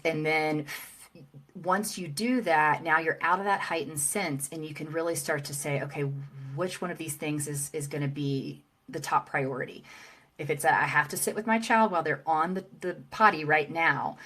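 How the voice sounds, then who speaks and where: A woman guest on an interview, talking as a parenting coach in a calm, halting way with many fillers and restarts. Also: low voice. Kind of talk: casual interview talk.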